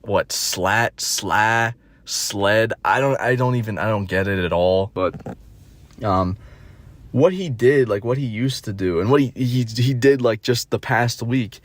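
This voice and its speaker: A man's voice: medium pitch, normal speed, dry recording. A young man in his twenties telling stories in a profane, rambling, mocking comedic rant.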